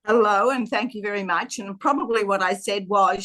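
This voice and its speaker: A woman's voice: mid-range voice, moderate pace, a bit bright. An Australian woman in her seventies, a podcast guest telling her life story in a plainspoken way. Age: 70s. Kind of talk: casual interview chat.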